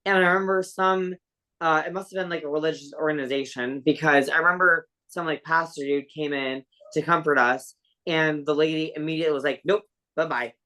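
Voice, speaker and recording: A woman's voice: low-pitched, steady tone, a little fast, sharp tone. A woman guest on a podcast telling a personal story in a rambling, casual way, full of "like" and fillers, swearing offhandedly.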